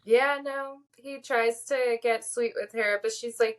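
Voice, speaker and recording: A woman's voice: a little high, steady tone, unhurried, few pauses, low-quality recording. A woman co-hosting a casual podcast, chatty and recapping with lots of fillers. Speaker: podcast co-host.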